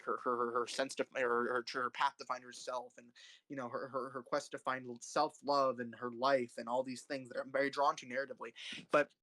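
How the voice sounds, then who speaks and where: A man giving casual, opinionated film commentary, rambling with many restarts and fillers, profane and excitable. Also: medium pitch, no echo, studio quality. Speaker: filmmaker and author ranking films.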